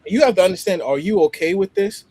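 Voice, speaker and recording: Animated American man in casual chat. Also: high voice, quick pace. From United States. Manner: animated, laughs often, many restarts.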